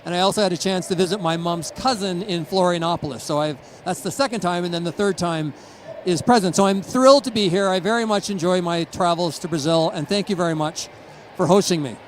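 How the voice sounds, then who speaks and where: A middle-aged Canadian man gives a conference talk, telling stories, chuckling and acting out quotes. His voice sits high and moves fairly quickly, and the audio is poor with slight background noise.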